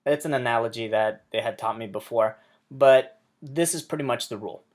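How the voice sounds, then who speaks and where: A man's voice: mid-range voice, a little fast. A man teaching an introductory Spanish lesson, explaining things plainly with an upbeat manner and small jokes.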